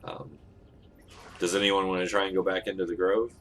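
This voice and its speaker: A man narrating as game master of a tabletop game, relaxed and laughing often, with many ums. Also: low-pitched, brisk, a little hiss or hum.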